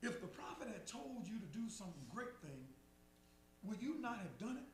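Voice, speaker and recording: A man's voice: extremely high pitch, sing-song, moderate pace. A man preaching a call-and-response sermon, repeating phrases and rising in fervor. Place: church sanctuary. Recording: echoey church from far off, faint hum.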